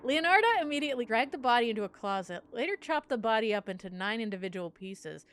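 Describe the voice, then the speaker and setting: Chatty woman telling a dark story. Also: fairly high pitch, fast, slight background noise. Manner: animated, laughs often, tries a silly accent. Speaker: podcast co-host. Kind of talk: casual storytelling chat.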